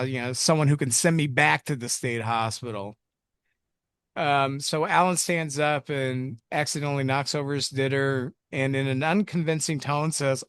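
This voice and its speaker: Recorded dry in a clean studio, a man with a mid-range, slightly bright, clean-toned voice co-hosts a movie review show. He recaps the film's story casually, wandering off into jokes and self-deprecating remarks.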